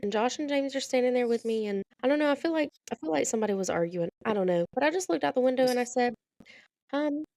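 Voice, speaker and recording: Teasing woman co-host, slightly high voice. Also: lively intonation, very fast, hardly any pauses, a little mellow. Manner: teasing, dry reactions. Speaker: podcast co-host. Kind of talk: casual chat.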